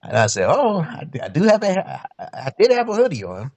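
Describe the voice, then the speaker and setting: A man's voice: sits high, huge pitch swings, brisk, a little mellow. A man in his forties with a New York accent, hosting a casual chat and telling stories animatedly, laughing as he goes. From Brooklyn, New York. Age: 40s. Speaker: host.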